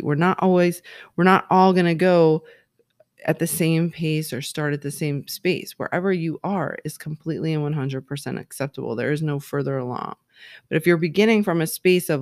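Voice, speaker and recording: Casual gravelly-voiced wellness coach. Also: mid-range voice, no room sound, studio quality. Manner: casual, heartfelt, frequent "like" and "right?". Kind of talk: guided affirmation talk.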